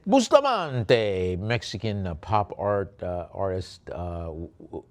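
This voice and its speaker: Working as an auctioneer, this man speaks in a deep, steady, slightly mellow voice. He describes lots in a rambling way packed with fillers before switching to brisk bid-calling.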